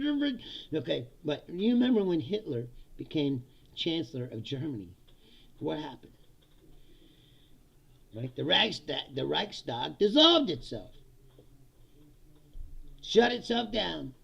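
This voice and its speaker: A man's voice: a little high, vocal fry, a bit bright, breathy edge, dull audio. A man delivering a profane, sarcastic political comedy rant, laughing between lines. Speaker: political commentator.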